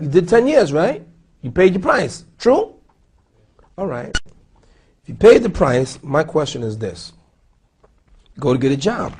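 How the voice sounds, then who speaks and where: A man speaking as an imam at a seminar, animated and questioning his audience. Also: a little high, husky. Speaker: imam lecturer. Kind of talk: seminar lecture. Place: lecture hall.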